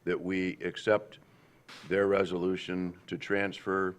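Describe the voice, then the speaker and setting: A man, a county commissioner, speaking at a public board meeting in a halting, rambling way with many fillers and restarts. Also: low-pitched, flat delivery.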